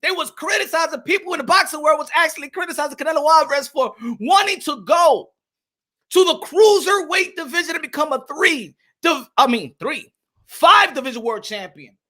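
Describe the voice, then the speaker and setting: A man hosting a boxing vlog with energetic, hyped commentary. He shouts out viewers and mixes in Spanish phrases. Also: extremely high pitch, a little fast. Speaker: boxing channel host.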